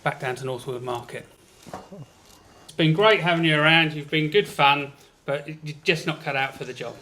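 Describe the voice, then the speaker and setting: A man with a slightly raised pitch who plays the straight estate agent, polite and matter-of-fact. A faint hiss sits behind his voice. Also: moderate pace, pushed and bright. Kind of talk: comedy sketch scene partner.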